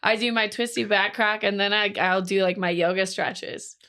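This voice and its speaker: A woman's voice: mid-range voice, steady tone, moderate pace, bright, forceful tone. A young woman co-hosting a podcast, joking playfully in casual chat. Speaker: podcast co-host.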